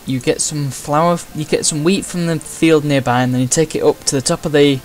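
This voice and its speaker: A man's voice: a little high, steady tone, brisk, faint music behind. A man giving casual, chatty gameplay commentary with wry asides. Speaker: gamer.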